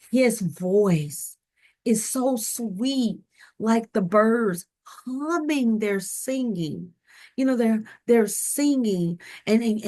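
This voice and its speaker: A woman with a Southern US accent giving a slow, emotive devotional talk about a hymn, often calling out to her listeners. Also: lowish voice, a little mellow. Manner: slow, tender, emotive delivery addressing listeners as y'all. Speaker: ministry speaker and recording artist.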